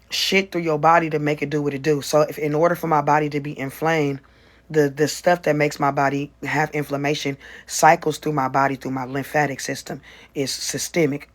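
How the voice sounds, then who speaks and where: A livestreamer chatting casually to viewers, rambling and profane, with quick self-interrupting explanations. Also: mid-range voice.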